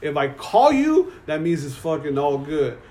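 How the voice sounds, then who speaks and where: A young man, telling a profane, animated story as a podcast co-host. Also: on the high side, moderate pace. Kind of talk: casual storytelling.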